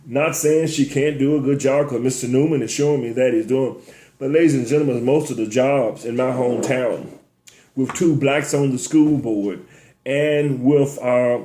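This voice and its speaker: A man hosting a talk show, giving a preacher-like monologue that keeps turning to "ladies and gentlemen" and climbs to high, emphatic peaks. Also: reverberant. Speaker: host.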